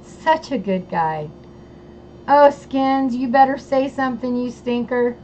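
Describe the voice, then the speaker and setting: A woman's voice: high voice, slow pace, dark tone. A woman hosting a casual livestream, bubbly and gushing as she greets chatters by name. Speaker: livestream host. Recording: dull lo-fi sound with faint noise.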